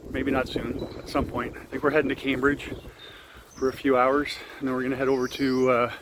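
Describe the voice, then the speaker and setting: A Canadian man talks through a casual travel vlog at an everyday pitch, rambling along with plenty of ums and uhs. He records outdoors and from a car, with street and traffic noise clearly audible behind him. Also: little pitch movement, brisk. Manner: chatty, rambling, with frequent fillers. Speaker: travel vlogger.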